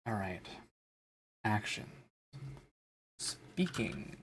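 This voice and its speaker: A man's voice: on the low side, sing-song, very slow, a little hiss or hum. A male streamer in casual chat, exasperated and self-mocking as he repeats the same command over and over.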